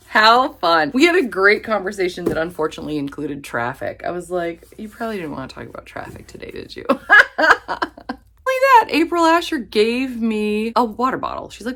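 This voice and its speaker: A woman's voice: mid-range voice, big pitch swings, normal speed, fairly bright tone. Bubbly woman gushing about books. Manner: bubbly, gushing, laughs often. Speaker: book vlogger. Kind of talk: casual chat.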